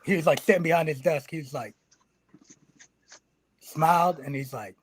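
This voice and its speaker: A man who is a pro wrestler telling a story on a podcast, animated and profane, acting out what people said. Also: on the high side, normal speed, husky. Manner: animated, profane, acts out quotes. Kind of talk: casual storytelling.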